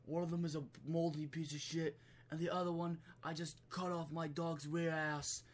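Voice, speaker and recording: A man's voice: a little high, little pitch movement, normal speed, lightly acted. A man putting on a put-on British accent to parody a brash celebrity chef, with exaggerated, crude mockery. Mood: mock-gentle.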